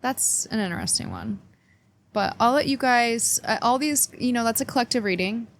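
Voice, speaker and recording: Her voice is on the high side and moves at a moderate pace, with slight background noise. She's an astrology reader hosting a casual weekly forecast on her channel, reading oracle cards and addressing viewers with playful cheek.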